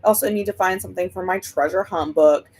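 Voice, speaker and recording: A woman's voice: on the low side, fast talker, a little mellow, poor audio. A woman hosting a book livestream, chatting casually and rambling while she greets viewers by name.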